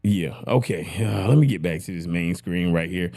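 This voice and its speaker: Talking into a broadcast dynamic mic while wearing headphones, a man hosts a laid-back podcast gear demo, rambling and chatty and often asking if you're following. His voice is deep, creaky, and warm, at a normal speed.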